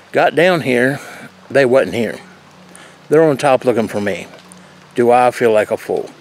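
A man's voice: medium pitch, slight background noise. A man telling a story outdoors in a folksy, self-deprecating way while sitting on a truck tailgate. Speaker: regular on the channel. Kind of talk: casual vlog storytelling.

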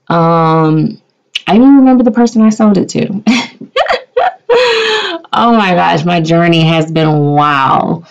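A woman chatting casually to her viewers in a gushing way, with lots of fillers. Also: sits low. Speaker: doll collector vlogger. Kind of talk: casual chat. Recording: dull lo-fi sound.

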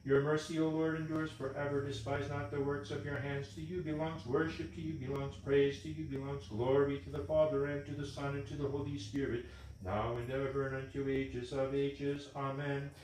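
A man's voice: medium pitch, normal speed, slight background noise. Man intoning prayers in a ringing church. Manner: intoning in an even monotone. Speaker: reader leading vespers. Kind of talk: chanted liturgical reading. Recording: very echoey church room.

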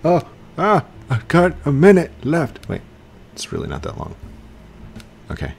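Lively, excitable young man gaming. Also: fairly high pitch, measured pace, creaky, slightly rough. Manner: excitable, yells at other players then apologizes, laughs often. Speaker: gaming YouTuber. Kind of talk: casual let's-play commentary.

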